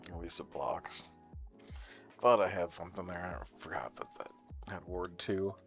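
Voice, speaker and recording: A man with a deep, gravelly voice rambles through his game commentary, talking straight to chat and swearing freely. The stream audio is dull and lo-fi, with faint music underneath. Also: moderate pace. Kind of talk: casual gaming commentary.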